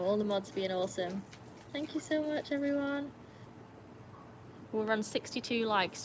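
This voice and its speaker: A young woman hosting a casual live stream by a pool at night. She chats, laughs often and calls to her dogs in a high sing-song voice. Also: noisy background. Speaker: livestream host. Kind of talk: casual live-stream chat reading comments.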